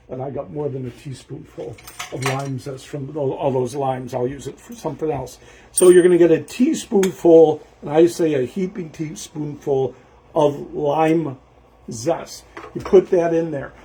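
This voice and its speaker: Home cook host, man, slightly high mellow voice, rambling kitchen demo with a faint noise bed. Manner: rambling, talks to himself while cooking, forgets steps. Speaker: home cook hosting a cooking show. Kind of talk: casual cooking demonstration.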